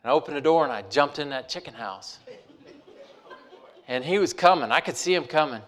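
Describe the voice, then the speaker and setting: A man's voice: on the high side, lively intonation, a little fast, a bit bright. A man telling a personal story in a folksy way, repeating phrases for emphasis.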